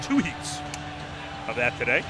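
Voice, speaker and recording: A man's voice: mid-range voice, wildly swooping pitch, a little slow. A man announcing a swim meet, reading times and results, talking with many fillers and repeated words. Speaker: play-by-play announcer. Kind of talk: live swim meet commentary. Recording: loud crowd noise with music.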